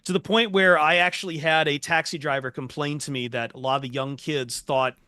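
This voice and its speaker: A man co-hosting a casual sports podcast, making relaxed, wry remarks. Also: fairly high pitch, a little fast, dry recording, clean studio sound. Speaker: podcast co-host.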